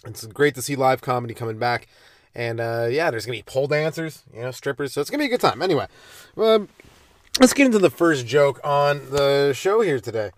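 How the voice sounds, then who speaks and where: A young man rambles through old joke stories, swearing freely and veering off track. He drops to mumbles, then jumps up loud when a line excites him. The sound is close and dry, recorded inside a parked car. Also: mid-range voice, a little fast, no echo. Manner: loose, profane, meandering, with sudden loud jumps. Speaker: stand-up comedian hosting a podcast. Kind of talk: casual rambling storytelling. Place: sitting in his car in a driveway at night.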